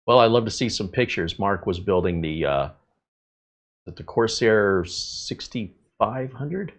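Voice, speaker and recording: Deep-voiced man hosting a live tech stream. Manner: relaxed, chatty, many filler pauses. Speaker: tech channel host. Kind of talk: live stream chat, reading viewer greetings.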